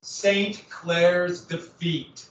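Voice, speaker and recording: A man's voice: high-pitched, level tone, extremely slow, fairly bright tone, a little hiss or hum. A man giving a casual, jokey slide presentation to a small group, chatty and given to tangents. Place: room with a small audience. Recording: roomy, distant, slightly dull.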